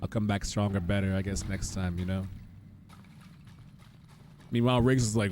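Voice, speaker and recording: A man's voice: fairly low pitch, normal speed, long pauses, darkish tone. A man streaming a game, joking casually and chatting with viewers by name. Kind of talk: casual live-stream commentary. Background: game music.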